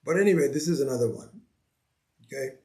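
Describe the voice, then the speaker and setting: A man teaching a spiritual scripture class, unhurried, repeating his phrases and acting out the seekers he quotes. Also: medium pitch, animated, darkish tone. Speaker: Vedanta teacher.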